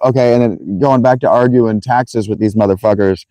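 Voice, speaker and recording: A man hosting a casual livestream, telling a rambling, profane, animated story to his viewers. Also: lowish voice, moderate pace, no echo, low-quality recording. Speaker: livestream host.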